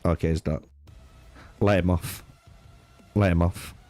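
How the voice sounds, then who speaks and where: This young streamer plays a strategy game, profane and trolling with chat, alternating between raging and laughing. His voice sits low, steady and a little mellow, delivered unhurriedly. Soft music plays in the background.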